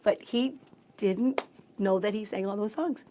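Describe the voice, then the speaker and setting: A woman, a radio emcee, telling a story as a guest in a bubbly, excitable way, acting out the voices of the people in it. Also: mid-range voice, unhurried, slight background noise. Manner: bubbly, excitable, acts out quotes. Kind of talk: animated storytelling in conversation.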